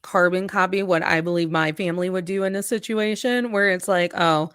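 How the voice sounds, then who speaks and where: A woman co-hosting a podcast in casual chat, telling stories in a playful, animated way. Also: lowish voice, brisk, clear, resonant tone, no room sound, clean studio sound. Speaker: podcast co-host.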